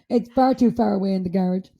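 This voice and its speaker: A woman's voice: medium pitch, gravelly, highs cut off. A young Irish woman co-hosting a podcast, chatting casually with lots of swearing and filler words. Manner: animated, swears freely, many filler "like"s. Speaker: podcast co-host. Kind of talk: casual chat.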